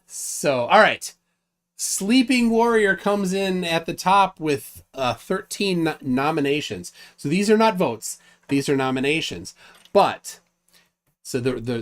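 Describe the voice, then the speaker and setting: A man's voice: a little high, animated, a little slow. A man hosting a casual livestream call, reading out lists of nominations with frequent restarts. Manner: rambling, restarts, reads out lists. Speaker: livestream host.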